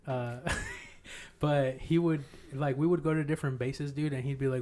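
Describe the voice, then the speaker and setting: A man's voice: mid-range voice, steady tone, moderate pace, mellow. A man in his thirties hosting a casual chat, telling crude stories with lots of swearing and laughter. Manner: profane, laughs through his own stories. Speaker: podcast host.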